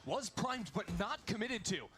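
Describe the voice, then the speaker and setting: A man calling an esports match play-by-play, with quick, lively calls of the action. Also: high-pitched, crowd noise. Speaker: esports caster. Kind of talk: play-by-play commentary.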